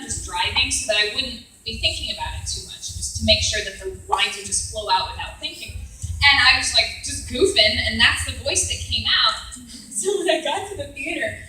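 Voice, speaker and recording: Bubbly woman, thirties, lively panel guest, fairly high voice, off-mic in a reverberant hall. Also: a little fast. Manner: chatty and bubbly, laughs often. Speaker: voice actress and director on a convention panel. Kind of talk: casual convention panel Q&A. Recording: echoey hall, voice from a distance.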